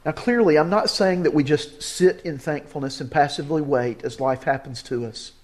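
A male pastor preaching a sermon, reading quoted story passages aloud with lively emphasis and then addressing the congregation directly. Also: a little high, normal speed.

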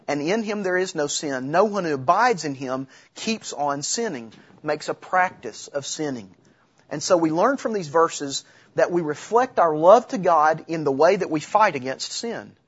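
A man's voice: fairly high pitch, slightly rough, muffled recording. A middle-aged man preaching a sermon in a conversational way, with restarts, asides and humor. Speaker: pastor.

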